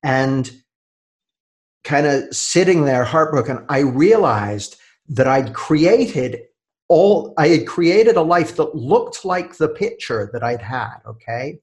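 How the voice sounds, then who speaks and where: A man being interviewed as an author about his book, speaking in a thoughtful, measured way over a video call, often trailing off softly. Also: on the high side, lively intonation. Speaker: author and guest. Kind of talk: reflective interview talk.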